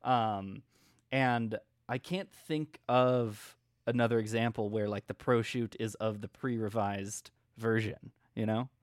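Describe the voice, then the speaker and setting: A man's voice: fairly low pitch, steady tone, slow pace, no room sound, studio quality. A man co-hosting a podcast in casual chat, talking freely, laughing often and trailing off mid-thought. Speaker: podcast co-host.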